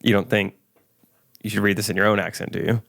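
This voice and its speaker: A man's voice: lowish voice, little pitch movement, gravelly, fairly bright tone, no echo, studio quality. A man co-hosting a podcast, joking around and reading out a listener review. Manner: joking, quick to laugh. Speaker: podcast co-host.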